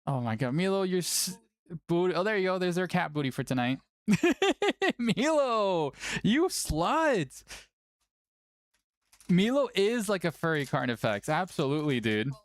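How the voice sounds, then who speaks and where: Animated, playful stream host, dry mic. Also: medium pitch, brisk, dry recording. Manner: playful, chatty, often cooing at a cat. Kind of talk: casual livestream chat.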